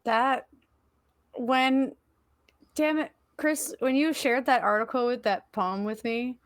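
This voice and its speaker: A woman's voice: a little high, fairly even intonation, slow, smooth, dry recording. A woman co-hosting a podcast in casual chat, emotional and swearing, with many fillers. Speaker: podcast co-host.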